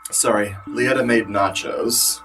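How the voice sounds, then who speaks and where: A man's voice: fairly low pitch, fairly even intonation, slow pace. A man reviewing movies in a casual vlog, rambling and wry with lots of fillers, sounding tired. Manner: rambling, wry, self-deprecating. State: tired, a bit bloated. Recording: voice a little far from the mic.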